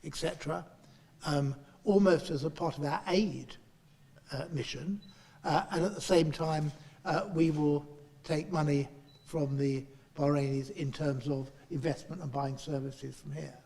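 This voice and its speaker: A middle-aged man chairing a panel and giving a speech, halting and restarting often as he talks in a meeting room in Parliament. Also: fairly high pitch, fairly even intonation, creaky, a little mellow, long reverb tail. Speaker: chair and politician.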